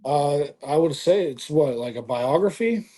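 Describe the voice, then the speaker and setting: A man's voice: on the high side, animated, a little slow, warm tone, a little hiss or hum. A man guesting on a podcast, chatting casually in a laid-back, agreeable way. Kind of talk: casual chat.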